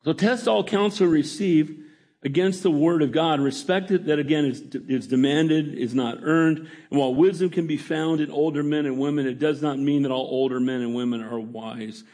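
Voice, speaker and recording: Speaking at a moderate pace in a darkish voice on the high side, a middle-aged pastor delivers a conversational sermon. He keeps calling on the congregation for an amen.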